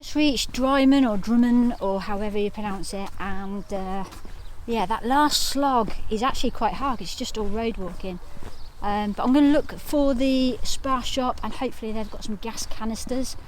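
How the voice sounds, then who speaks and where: Chatty woman hiking vlogger, slightly high voice, faint outdoor noise behind. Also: moderate pace. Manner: chatty, upbeat, laughs often. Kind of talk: casual vlog to camera.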